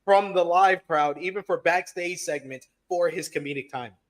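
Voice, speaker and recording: A man hosting a casual review chat, reading viewer comments aloud and reacting to them. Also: high voice. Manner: laid-back, reads chat aloud with quick reactions.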